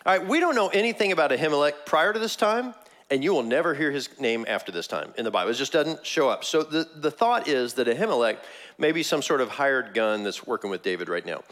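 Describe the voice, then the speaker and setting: A man preaching a sermon, telling the story with animated energy and frequent laughs. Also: fairly high pitch, quick pace. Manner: animated storytelling, laughs often, acts out quotes. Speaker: pastor.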